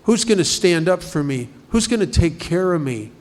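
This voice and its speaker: A man's voice: fairly high pitch, big pitch swings, moderate pace. A man speaking at a recovery group study, talking conversationally and asking many rhetorical questions. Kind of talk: recovery talk.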